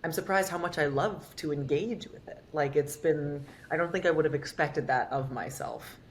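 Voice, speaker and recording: Low-voiced woman actor, candid and rambling. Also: normal speed, a little hiss or hum. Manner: candid, rambling, heavy use of "like". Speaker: actor, podcast guest. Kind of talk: casual interview chat.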